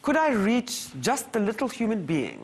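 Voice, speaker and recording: A guest from South Africa telling family stories in a reflective interview, animated and acting out quoted voices. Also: female voice, on the high side, moderate pace, slightly rough. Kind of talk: reflective conversational storytelling.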